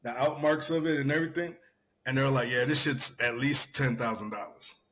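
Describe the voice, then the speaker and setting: A young man hosting a podcast, telling stories in a profane, animated way. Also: medium pitch, a little fast, a little hiss or hum. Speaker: podcast host. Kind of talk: casual chat.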